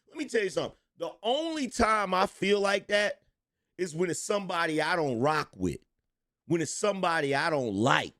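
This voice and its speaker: A man's voice: high voice, sing-song, moderate pace, fairly bright tone. Emphatic, blunt middle-aged man host. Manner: blunt, emphatic, repeats lines, swears freely. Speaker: livestream commentary host. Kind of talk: livestream commentary, reading out chat.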